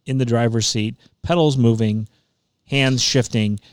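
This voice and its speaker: A man's voice: mid-range voice, steady tone, a little slow, smooth, no room sound, clean studio sound. A man co-hosting a podcast, giving emphatic, opinionated views on a movie in casual chat. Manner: opinionated, emphatic, frequent restarts. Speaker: podcast co-host.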